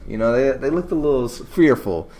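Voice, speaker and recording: A man's voice: mid-range voice, brisk. Chatty man with a mid-range voice. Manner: relaxed, conversational, many "you know" asides. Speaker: podcast co-host. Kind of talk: casual news chat.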